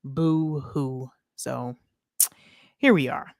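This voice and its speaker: A woman with a lowish voice hosts a casual live stream, greeting viewers one by one with upbeat slang. The sound is close and dry, with no room around her. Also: animated, normal speed, fairly bright tone, no echo. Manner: chatty, greets viewers by name, laughs often.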